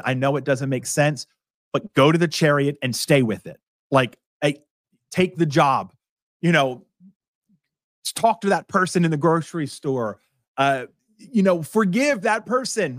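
A man's voice: mid-range voice, dry recording, studio quality. A man preaching a sermon in a conversational, storytelling way, full of asides and questions to the listeners. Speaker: pastor.

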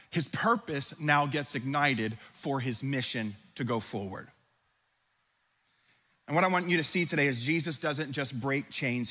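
A pastor preaching a sermon, reading scripture aloud with dramatic emphasis and breaking into conversational asides. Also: male voice, mid-range voice, sharp tone, slightly rough. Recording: long hall reverb.

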